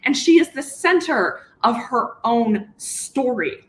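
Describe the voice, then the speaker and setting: A woman's voice: a little high, big pitch swings, takes it slowly. A woman in her thirties chatting enthusiastically and emphatically as a panelist on a video call. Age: 30s. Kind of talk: casual panel chat. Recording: roomy echo.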